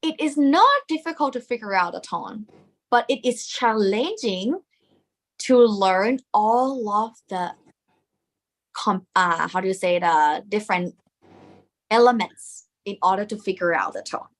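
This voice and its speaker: A woman's voice: medium pitch, lively intonation, normal speed, fairly bright tone. A woman with a Thai accent teaching a live online lesson, explaining step by step and dropping Thai particles into her English.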